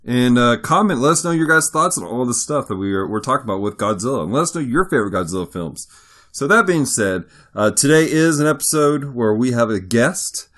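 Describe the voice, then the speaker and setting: A man's voice: medium pitch, sing-song, a little fast, a bit bright. Upbeat, playful male podcast co-host. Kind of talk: casual podcast chat.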